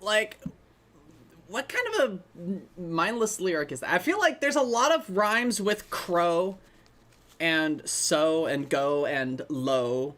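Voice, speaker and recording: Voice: mid-range voice, expressive, slow, fairly bright tone. A host talking through a film in a casual commentary, rambling and chatty, with many side remarks. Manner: rambling, chatty, trailing off into asides.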